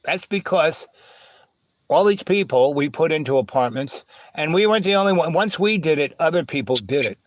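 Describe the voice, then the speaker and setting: A man's voice: a little high, animated, normal speed, no room sound. A man telling stories in casual talk, acting out the voices in his quoted dialogue. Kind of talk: casual storytelling.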